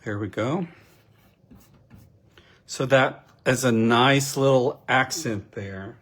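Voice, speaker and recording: Unhurried male crafting teacher, relaxed and talkative, steps through each stage. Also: mid-range voice. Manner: unhurried, chatty, self-deprecating asides. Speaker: card-making instructor. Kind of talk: casual crafting demonstration.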